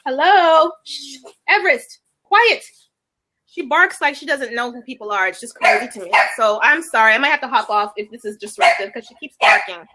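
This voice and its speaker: A woman chatting casually as a guest on a video call, telling lively stories and acting out quotes. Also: a little high, fairly quick, few pauses, heavy background noise. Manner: animated storyteller acting out quotes. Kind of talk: casual livestream chat.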